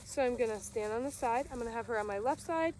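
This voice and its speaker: A woman dog trainer explaining commands outdoors in a relaxed way, breaking off to give short commands to her dog. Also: fairly high pitch, fast talker. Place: outdoors in a grassy yard. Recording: outdoor recording with crickets and background noise.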